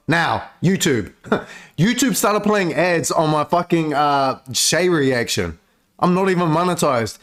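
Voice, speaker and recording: A man's voice: fairly high pitch, a little slow. A man giving casual, profane reaction commentary on music, chatty and laid-back with lots of filler words.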